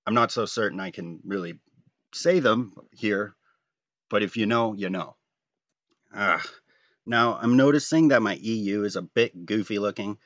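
A man's voice: fairly low pitch, unhurried, long pauses, a bit bright, no room sound, dull audio. A man, talking casually and jokingly while drawing a comic, rambling and self-deprecating. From Canada. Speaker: comic artist.

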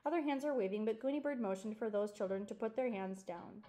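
A woman reading a children's chapter book aloud in a teacherly way, pausing to point things out to listeners. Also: on the high side, mellow. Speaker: reader.

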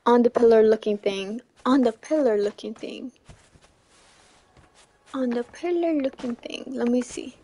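A young woman chatting casually through a gameplay livestream, giggly and chatty, squealing when something excites her. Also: a little high, unhurried, pauses often, husky. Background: faint game music.

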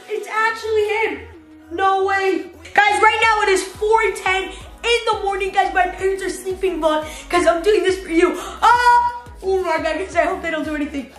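A child YouTuber in an excited vlog, hyped and breathless, constantly saying "guys" and "oh my God". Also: very high voice. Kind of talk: excited vlog with a screen-recorded texting prank. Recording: roomy echo with faint background music.

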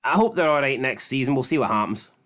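A man's voice: medium pitch, lively intonation, quick pace, fairly bright tone. A Scottish man co-hosting a football review show in casual, blunt chat, swearing and joking.

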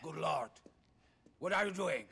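A gravelly, scornful crime boss. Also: male voice, on the high side, expressive, measured pace, a bit bright, slight background noise, full character voice. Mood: irritable. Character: gruff male crime boss, irritable and scornful.

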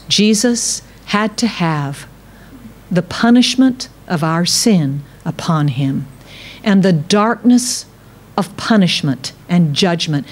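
A woman pastor preaching a sermon, reading scripture aloud and speaking straight to her congregation, slowing and dropping low on key words and rising for emphasis. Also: a little mellow. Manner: dramatic pauses, slows and drops low on key words, rises for emphasis; reads scripture aloud, addresses congregation directly.

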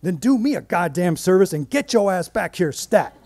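A man's voice: a little high, big pitch swings, a little fast, gravelly, a little mellow, pitched above the performer's own voice. A man playing a brash, profane woman coworker who screeches and swears. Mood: panicked. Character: brash foul-mouthed woman office coworker.

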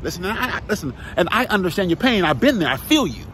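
A man's voice: high voice, big pitch swings, fast talker, a bit bright, a little hiss or hum. A man, a former football player, giving an emphatic motivational talk, repeating key phrases and asking the listener direct questions.

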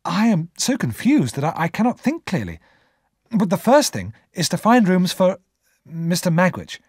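A man voicing a cheerful, excitable young man speaking to his friend. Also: sits high, moderate pace, breathy edge, no room sound, studio quality, pitched above the performer's own voice, full character voice. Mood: earnest. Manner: warm and excitable.

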